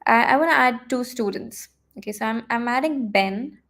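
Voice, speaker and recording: A woman teaching a live online coding lesson, talking her students through the screen with lots of fillers, restarts and thinking out loud. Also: a little high, normal speed. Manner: chatty, thinks aloud with many fillers and restarts.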